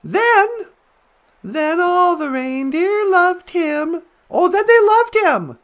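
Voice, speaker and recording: A chatty, teasing auntie character, put on by a man, with a high, swooping voice that climbs and dips all over. She drawls her sarcastic asides slowly and leans into every line. Her comedy patter has a giggly, sing-song lilt. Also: big pitch swings, vocal fry, full character voice. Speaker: show character.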